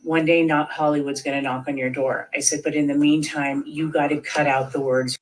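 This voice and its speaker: A woman in her thirties speaks briskly in a low, level voice, the audio poor. Telling an interviewer about events, she rambles with many fillers and mimics the voices of those she quotes.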